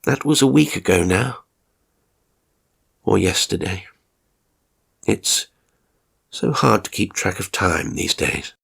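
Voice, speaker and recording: A man's voice: sits low, expressive, slow pace, creaky, long pauses, a bit bright, husky. A man narrating an audio horror story in the first person, rambling and confessional, with hesitant restarts.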